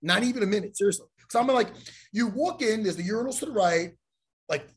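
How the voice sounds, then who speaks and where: A man hosting a podcast, telling a story in a profane, animated way and acting out the lines of the people in it. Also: high-pitched, fast talker, husky. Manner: profane, animated storyteller who acts out quotes. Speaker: podcast host. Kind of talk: casual storytelling chat.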